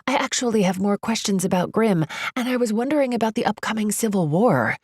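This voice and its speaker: A woman's voice: mid-range voice, expressive, a little fast, slightly rough, dry recording, clean studio sound, voice pushed up. A woman voicing an eager, chatty young woman who is a fan of comics.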